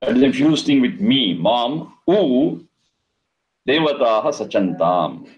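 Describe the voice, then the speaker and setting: A man teaching a scripture lesson. He explains Sanskrit words slowly and deliberately, and he repeats and chants the terms. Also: mid-range voice, big pitch swings, highs cut off. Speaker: Vedic teacher.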